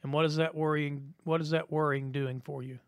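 A man's voice: on the high side, flat delivery, fairly quick, clean tone, no room sound. A man preaching a sermon as pastor, emphatic and rhythmic, repeating his key lines.

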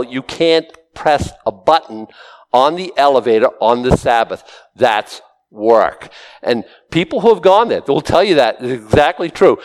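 A man's voice: a little high, darkish tone, in a large hall, rough recording. A man preaching a sermon, telling stories animatedly with acted-out quotes. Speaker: pastor.

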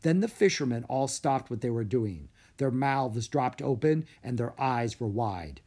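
Husky man reading a children's book. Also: mid-range voice, measured pace. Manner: animated storybook reading. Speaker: narrator. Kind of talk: audiobook narration of a children's story.

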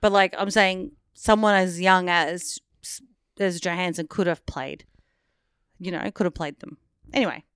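A woman's voice: lowish voice, unhurried, clean tone, dry recording, clean studio sound. A woman co-hosting a casual film review podcast, speaking bluntly and animatedly. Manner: blunt, animated, swears freely. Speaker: podcast co-host.

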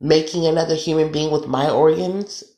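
Solo podcaster venting; gravelly, heated and repetitive delivery, recorded in an echoey room. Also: mid-range voice, fairly even intonation, moderate pace, warm tone. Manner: emphatic, repetitive, swearing. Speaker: podcast host. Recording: roomy echo.

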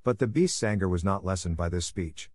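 A man reads a classic story in a calm, steady audiobook narration. His voice sits somewhat low. It is recorded dry and close, with no room echo. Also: a little fast.

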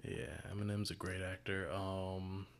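A man's voice: low voice, flat delivery, a little slow. A man co-hosting a podcast in casual chat, laid-back, asking questions and laughing along. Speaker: podcast co-host.

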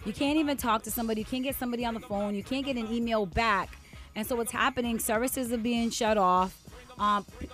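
Woman, radio co-host, earnest conversational monologue, slightly high voice, faint music. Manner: earnest, calling out agencies, conversational.

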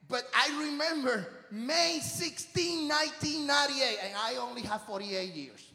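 Man preaching, high voice, gravelly, slow, non-native english, swings from hushed to shouting, echoey hall. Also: animated. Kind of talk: sermon.

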